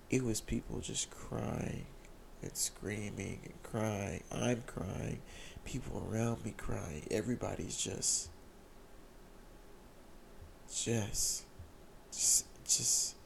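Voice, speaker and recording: A young man telling an emotional, excited personal testimony, repeating phrases as he speaks. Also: fairly low pitch, gravelly, slight background noise.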